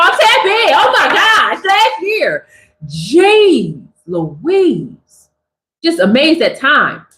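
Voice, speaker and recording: A woman hosting a casual spiritual livestream, talking in an expressive, chatty way to her viewers. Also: mid-range voice, echoey room, rough recording. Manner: expressive, chatty, drawn-out delivery.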